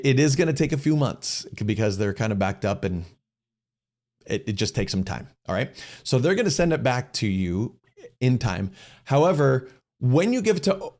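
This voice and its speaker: A middle-aged man hosting a casual question-and-answer session, talking at a medium pitch for a man. He explains step by step in an easygoing, conversational way, often restarting his phrases. He slips into little voices to act out the dialogue he quotes. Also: a little mellow. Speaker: host answering viewer questions.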